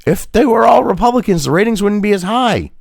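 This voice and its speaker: A man's voice: high voice, lively intonation, fairly quick, gravelly, dry recording, studio quality. A man, hosting a profane rant reacting to a news article, angry and mocking and swearing constantly. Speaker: political commentary host.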